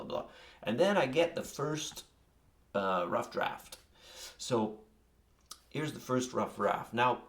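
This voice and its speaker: A man, a songwriter, talks casually and rambles through how he writes his songs, filmed in his home music room. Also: on the low side. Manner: rambling, often says "anyway" and "blah, blah, blah". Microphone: camera unit on a chair.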